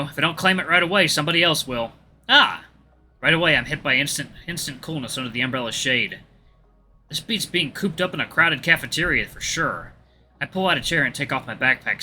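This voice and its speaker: Bright-voiced man narrating a visual novel. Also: medium pitch. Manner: chatty asides to viewers. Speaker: let's play host.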